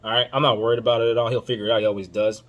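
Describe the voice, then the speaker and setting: A man hosting a podcast, giving casual basketball commentary in an emphatic, informal, slang-heavy way that swings between loud outbursts and low muttering. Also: little pitch movement, very fast, dull audio. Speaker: podcast host.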